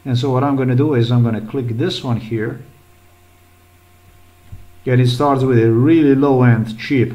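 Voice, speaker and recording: Agitated rambling man, mid-pitched. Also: dark tone, poor audio. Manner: agitated, rambling, swearing often. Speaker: vlogger. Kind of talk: rambling screen-recorded commentary.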